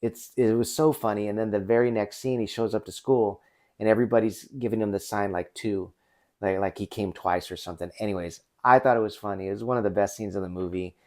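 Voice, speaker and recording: A man in his forties hosts an unscripted, casual movie review, rambling with many restarts and fillers. His voice sits on the low side, with a steady, darkish tone and a brisk delivery.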